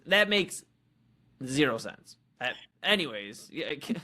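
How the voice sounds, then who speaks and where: A man co-hosting a casual chat, reacting expressively and quickly. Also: a little high, big pitch swings, pushed and bright.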